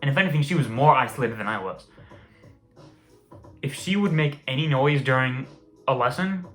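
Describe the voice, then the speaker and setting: A man's voice: medium pitch, lively intonation, moderate pace, a bit bright. A young man telling a casual story, rambling and swearing often. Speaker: vlogger. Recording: roomy echo, faint music behind.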